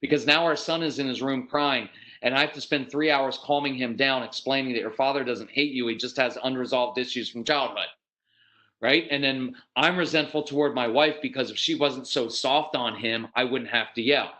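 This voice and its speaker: Man, parenting seminar speaker, conversational, animated, asks the audience questions. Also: medium pitch, normal speed, rough recording. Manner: animated, acts out quoted dialogue.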